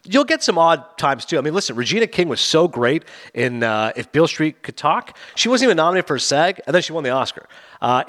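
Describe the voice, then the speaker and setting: A middle-aged man hosting a casual entertainment chat, excited and animated, breaking into quoted asides. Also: on the high side. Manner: excited, fast, quoting with acted lines. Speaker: podcast host.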